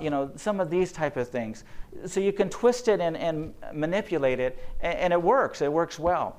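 A man's voice: fairly high pitch, expressive, moderate pace, a little mellow. A man, a physician, giving a faith-based lecture to health workers, telling earnest stories and acting out the quotes. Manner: earnest storyteller, acts out quotes.

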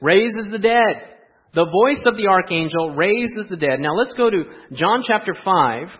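A man preaching a sermon in a church, asking the congregation rhetorical questions and moving between quiet asides and raised emphasis. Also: high voice, expressive, a little slow, breathy edge, lo-fi sound. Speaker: pastor. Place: church sanctuary.

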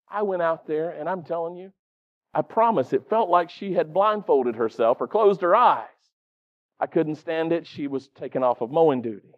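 A man's voice: high voice, expressive, normal speed, lo-fi sound. A middle-aged man preaching a sermon in a conversational way, often stopping to quiz the congregation.

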